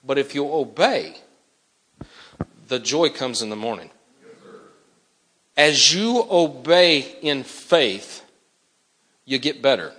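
A man's voice: mid-range voice, animated, takes it slowly, long pauses, fairly bright tone, breathy edge. A man preaching an impassioned sermon, urgently pressing the listeners and breaking into acted-out dialogue.

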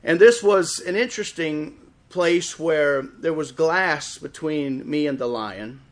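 Wisconsin-accented preacher telling stories. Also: male voice, on the high side. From Chicago area, raised in Wisconsin. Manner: storytelling preacher, swells louder and slower for emphasis. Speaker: guest preacher. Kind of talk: sermon.

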